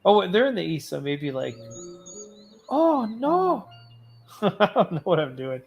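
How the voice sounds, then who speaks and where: A woman's voice: fairly low pitch, sing-song, a little slow, vocal fry, a little mellow, highs cut off, faint music behind. A woman hosting a casual game playthrough, giggly, self-mocking and chatty. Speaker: host. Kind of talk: casual let's play commentary.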